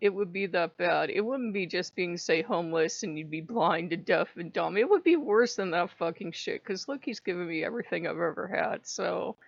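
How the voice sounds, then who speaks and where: A woman's voice: on the low side, expressive, normal speed, creaky, hardly any pauses, no echo. A woman ranting bluntly and with heavy profanity in a casual vlog, in a dull lo-fi recording. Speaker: vlogger.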